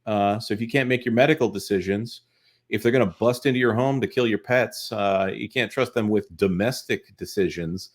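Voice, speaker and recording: A man on a casual political panel explains his argument in an earnest, lecturing way. He stammers and restarts here and there as he goes. His voice is very low and deep. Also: moderate pace. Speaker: panel guest.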